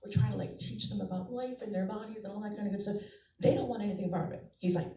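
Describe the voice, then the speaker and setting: Rattling off family stories at a rapid clip, this Massachusetts comic, a mother of two, does the voices of her relatives on stage. Her medium-pitched voice is mellow and fairly even in intonation. The recording carries a little hiss or hum, with club echo from a far-off mic.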